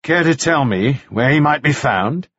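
A man doing a calm menacing visitor, polite, husky tone. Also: a little high, a little slow, dry recording, lo-fi sound, pitched above the performer's own voice, exaggerated voice. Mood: cool menace.

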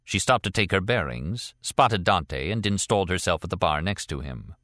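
A man narrating a novel in an expressive storytelling manner. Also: sits low, moderate pace, no room sound, studio quality. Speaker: audiobook narrator. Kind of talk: scripted narration.

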